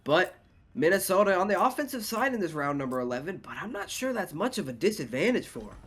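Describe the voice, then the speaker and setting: A man's voice: sits high, fast, breathy edge. Congested man calling game play-by-play. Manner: steady analytical play-by-play. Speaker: esports caster. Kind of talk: play-by-play commentary.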